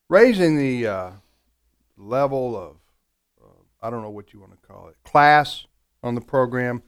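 A man's voice: mid-range voice, expressive, measured pace, pauses often, clean tone. Joking, rambling man hosting radio trivia. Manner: joking, rambling, self-deprecating. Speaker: radio show host. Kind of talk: casual radio trivia banter. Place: radio studio.

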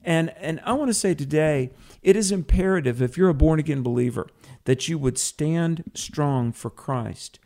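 A man's voice: a little high, normal speed, warm tone. A man hosting a live Christian radio talk show from a home studio, upbeat and chatty, with many fillers and restarts. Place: home studio with a cat nearby.

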